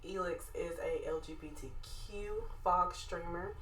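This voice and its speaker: Sassy Southern woman with a low voice. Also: unhurried, a little hiss or hum. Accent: Southern US, Alabama. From Alabama, US South. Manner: animated, sassy, laughs often. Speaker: podcast co-host. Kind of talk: casual chat. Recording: echoey room.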